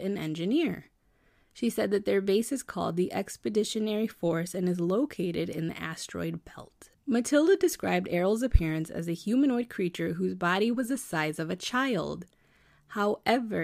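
A woman hosting a casual storytelling podcast, reading an account aloud and breaking off into excited asides and repeated words. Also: medium pitch, vocal fry, dry recording, studio quality. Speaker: podcast host.

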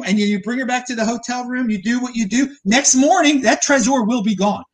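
A man's voice: very high-pitched, fairly quick, few pauses. A man hosting a casual podcast, joking around with his guests and often restarting his sentences. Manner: joking, animated, many restarts. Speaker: podcast host.

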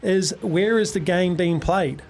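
A man's voice: high-pitched, measured pace, darkish tone. A man hosting a radio sports quiz, chummy and upbeat, calling callers mate. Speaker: radio sports show host.

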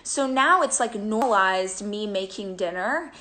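A woman's voice: medium pitch, lively intonation, unhurried, bright, forceful tone. A woman co-hosting a casual live show. She tells her story in an emotional, rambling way, full of fillers and restarts. Her voice rises and falls a lot. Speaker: co-host.

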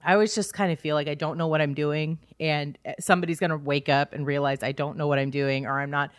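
A woman's voice: deep voice, steady tone, fast, clear, resonant tone, dry recording, clean studio sound. A woman in her thirties co-hosting a podcast, chatting candidly with self-deprecating humor and frequent laughs. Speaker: podcast co-host. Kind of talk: casual chat.

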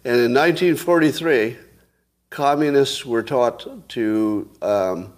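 Musing male commentator thinking out loud. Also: lowish voice. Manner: musing aloud, asking rhetorical questions, chuckling. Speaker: show host commentator. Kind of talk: casual solo commentary.

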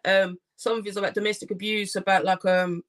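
A young woman talks quickly and loosely on a video call, joking as she goes. Her pitch sits in the middle of the range. She keeps stringing her thoughts together with fillers. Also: little pitch movement. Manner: chatty and joking, full of fillers. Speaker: guest, poet and artist. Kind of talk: casual interview over video call.

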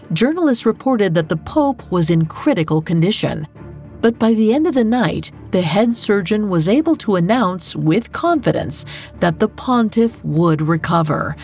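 A woman hosting a podcast, giving scripted true crime narration in a measured, dramatic way. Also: fairly low pitch, a little mellow. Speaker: podcast host.

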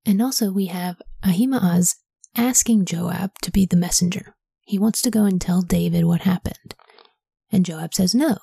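A woman hosting a Bible podcast, reading scripture in a soft whisper and pausing to ask reflective study questions. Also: fairly low pitch, vocal fry, breathy edge, no echo, studio quality.

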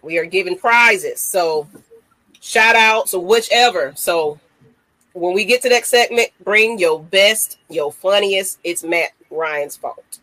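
An excitable woman runs a laid-back sports talk show. She talks straight to her listeners and rallies them, with a mid-range voice. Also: mid-range voice, slow. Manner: excitable, hypes the audience. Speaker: host.

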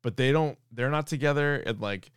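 A man's voice: mid-range voice, normal speed, clear, resonant tone, no echo, studio quality. A man co-hosting a casual podcast chat, retelling comedy sketches, laughing often and acting out quoted lines in a raised voice. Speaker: podcast co-host.

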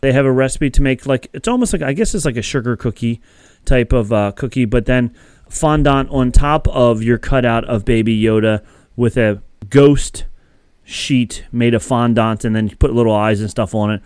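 Rambly podcast host guy, chatty, smooth clean voice, dry close mic. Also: mid-range voice, normal speed, a little mellow, no echo. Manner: rambling, chatty, laughs often. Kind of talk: casual podcast chat.

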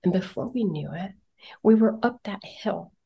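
A woman in her forties tells parenting stories in a relaxed podcast conversation, her voice low and gravelly. She talks with energy and slips into the voices of the people she quotes. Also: normal speed, lo-fi sound. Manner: animated storyteller, acts out quotes. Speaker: parenting guest.

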